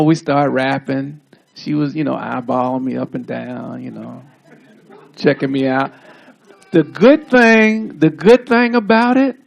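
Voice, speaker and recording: Easygoing male speaker with a gravelly voice, rambling anecdotes at an outdoor dedication. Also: high voice. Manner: laid-back, drawling storyteller with asides. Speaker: honoree giving a speech. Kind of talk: casual storytelling speech. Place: outdoor street ceremony.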